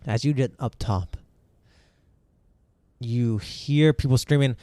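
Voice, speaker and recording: A man's voice: mid-range voice, a little slow, long pauses, mellow, dry recording. A man narrating a tabletop game as game master, rambling with lots of fillers and restarts.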